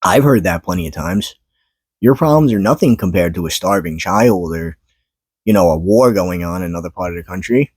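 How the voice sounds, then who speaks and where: Weary husky-voiced man venting to camera. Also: expressive, a little mellow, no echo. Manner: weary, halting, pauses to collect thoughts; swears and rises in pitch when frustrated. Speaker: vlogger. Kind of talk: unscripted personal monologue to camera. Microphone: camera mic.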